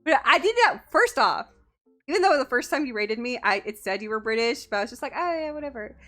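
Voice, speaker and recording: Playful woman streamer from the US, bright and lively, teasing chat with lots of giggles. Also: a little high, fast talker, faint music behind. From United States. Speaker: VTuber streamer. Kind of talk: casual live-stream chat.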